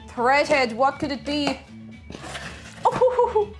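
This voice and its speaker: A woman's voice: on the high side, animated, normal speed, faint music behind. Playful woman streaming from kitchen. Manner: playful, greets chat by name, teasing. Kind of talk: casual live-stream chat. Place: home kitchen.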